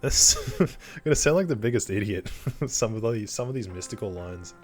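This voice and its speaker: Joking male gamer, lowish voice. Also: expressive, moderate pace, soft background music. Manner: joking, self-mocking. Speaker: gamer playing a visual novel. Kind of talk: casual game commentary.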